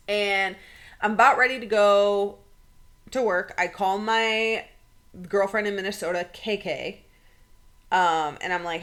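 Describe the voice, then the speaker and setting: A young adult woman co-hosting a podcast, telling an emotional story casually, swearing freely and quoting people in quick bursts. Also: mid-range voice, a bit bright. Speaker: podcast co-host.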